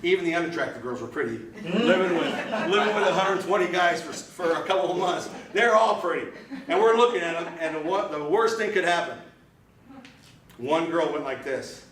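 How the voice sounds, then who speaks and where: A man's voice: on the high side, lively intonation, normal speed, a bit bright. Male club speaker, punchy storyteller, echoey room from far off. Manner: punchy and emphatic with repeated phrases. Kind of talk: motivational speech with storytelling. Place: meeting room.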